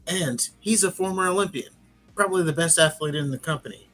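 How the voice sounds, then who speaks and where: A man's voice: on the high side, brisk, a bit bright, faint music behind, close to an everyday voice. A man doing a haughty European wrestling champion. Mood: boastful. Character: arrogant, stern male European wrestling champion.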